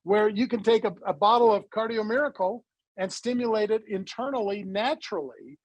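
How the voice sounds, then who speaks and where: A man being interviewed as a guest and founder of a supplement company, telling his story in a lively way and acting out the dialogue he quotes. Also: sits high, fairly quick, no room sound, rough recording. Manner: animated storyteller who acts out quoted dialogue.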